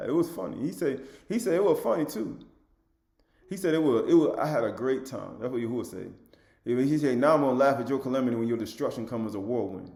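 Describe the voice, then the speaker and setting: A man giving an informal sermon, reading scripture in a raised voice and then commenting in a lower, emphatic, repetitive way. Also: lively intonation, brisk, gravelly, a little mellow, roomy sound, faint music behind. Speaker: religious lecturer.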